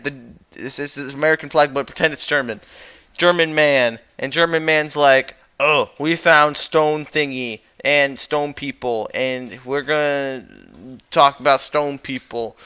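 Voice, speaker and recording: A man's voice: medium pitch, fairly bright tone, smooth. Rambling young man recapping a slideshow. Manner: rambling and goofy, with lots of fillers and self-corrections. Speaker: YouTuber. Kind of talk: casual recap over a slideshow.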